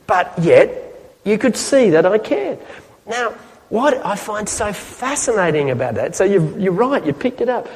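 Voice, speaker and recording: A man preaching a sermon to a church audience in a chatty, lively way, often asking the listeners questions. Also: high voice, long reverb tail.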